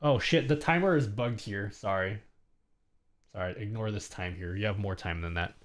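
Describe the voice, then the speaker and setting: A man's voice: lowish voice, normal speed. A young man live-streaming from home into a desk microphone, reading chat messages aloud and answering them in a casual, rambling way with frequent restarts. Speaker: livestreamer.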